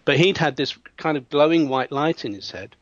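A man, a hypnotherapist telling a client story in an interview, lively and acting out voices with frequent restarts. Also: fairly high pitch, normal speed, no echo. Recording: dull, dry sound.

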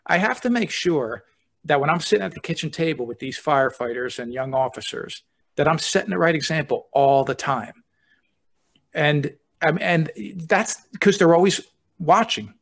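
A man's voice: fairly high pitch, vocal fry. A man who is a deputy fire chief, telling stories earnestly and easily in a casual podcast chat.

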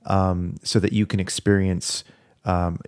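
A man voicing a loving soul who speaks slowly and tenderly, pleading to be remembered. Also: deep voice, level tone, clear, resonant tone, no echo, clean studio sound. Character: loving soul who agrees to hurt another.

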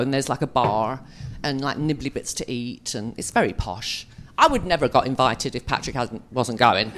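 A woman telling chatty, self-mocking stories to a live audience as a guest on a convention panel. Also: deep voice. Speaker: actress speaking at a fan convention panel. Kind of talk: anecdotal storytelling to a live audience.

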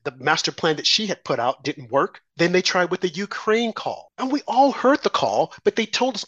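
Male talk host, higher-pitched, fervent political monologue, dry close mic. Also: very animated, normal speed, hardly any pauses, a bit bright, breathy edge, no echo, lo-fi sound. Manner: impassioned, rhetorical questions, mocking quoted voices.

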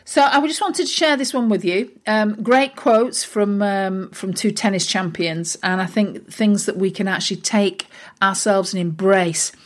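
A woman's voice: mid-range voice, measured pace. A woman, a business coach for recruitment firms, giving a casual motivational talk in a chatty, informal way with lots of fillers.

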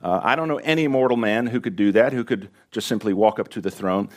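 A man's voice: lowish voice, fast talker. A man preaching a sermon to a congregation in a church, impassioned and pressing rhetorical questions on his listeners. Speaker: pastor.

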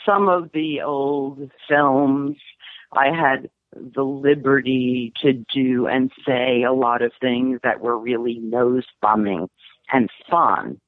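A woman screenwriter talking candidly in an interview, lively and laughing, her voice jumping high when she gets animated. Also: slow, dry recording. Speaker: screenwriter guest. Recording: tinny phone-like line.

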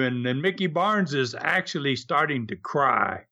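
A man's voice: mid-range voice, lively intonation, moderate pace, pushed and bright. Older man chuckling through old stories. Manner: chuckling anecdotal storytelling with acted quotes. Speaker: interview guest. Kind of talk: storytelling interview.

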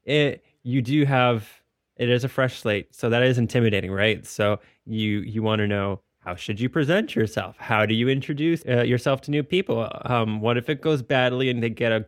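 Jokey male co-host reading listener mail, mid pitch, dry close mic. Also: normal speed, no room sound. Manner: playful, jokey, reads listener questions. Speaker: podcast co-host. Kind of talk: casual chat.

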